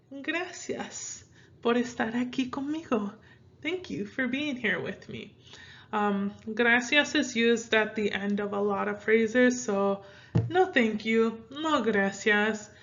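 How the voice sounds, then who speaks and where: A woman's voice: on the high side, a bit bright, dull audio. A young woman from Minnesota with a Midwestern American accent, teaching Spanish phrases in a casual, rambling way with many fillers. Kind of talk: casual language lesson.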